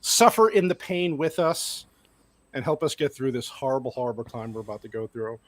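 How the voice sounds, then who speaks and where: A man's voice: medium pitch, lively intonation, brisk, dry recording. A man hosting a casual group movie review podcast, joking, sarcastic and laughing often. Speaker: podcast host.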